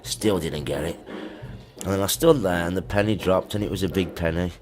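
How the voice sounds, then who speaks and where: Deep-voiced middle-aged Birmingham man, rambling. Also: a little fast, a little mellow, faint music behind. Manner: rambling anecdotal storytelling. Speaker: musician guest. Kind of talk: casual chat interview. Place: music studio.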